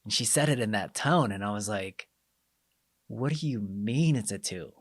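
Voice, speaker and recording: A man's voice: on the low side, normal speed, no echo, studio quality. A man hosting a casual podcast conversation, telling coaching stories and acting out quoted exchanges. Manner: animated storyteller, acts out quoted exchanges.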